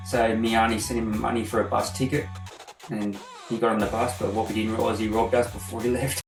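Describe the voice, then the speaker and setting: A man's voice: on the low side, level tone, a little fast. A man with an Australian accent, a guest telling rambling stories in a casual interview. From Seven Hills, Sydney, Australia. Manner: rambling anecdotal storyteller, acts out quotes. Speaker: guest graffiti artist. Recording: roomy, distant mic with faint music.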